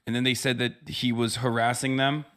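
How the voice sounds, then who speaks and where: A man's voice: medium pitch, level tone, brisk, fairly bright tone, clean tone. A man talking on a casual podcast, rambling with restarts and fillers. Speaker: podcast co-host.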